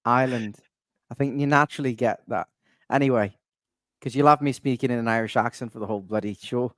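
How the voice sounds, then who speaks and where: A young man hosts a casual fan podcast, chatting in a loose, wry way and wandering off into asides. His pitch sits in the middle range. The voice is close and dry, with no room echo. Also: fast, a bit bright. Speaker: channel admin and host.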